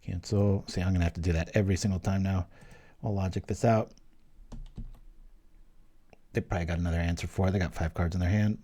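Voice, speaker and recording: A deep, mellow male voice holds a steady tone, moving fast yet pausing often. The man narrates his own card game in a loose, rambling way, full of jokes and chatty side remarks between plays.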